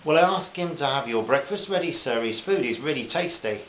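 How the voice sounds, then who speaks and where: A man's voice: mid-range voice, animated, a little fast, echoey room, muffled recording, a little hiss or hum, lightly acted. A man voicing a nervous young woman who speaks politely and hesitantly.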